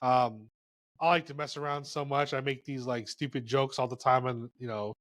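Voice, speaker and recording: Male podcast guest, mid-pitched, loose and candid, dry close-miked sound. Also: normal speed, no echo. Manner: relaxed and frank, with lots of filler words. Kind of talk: casual podcast chat.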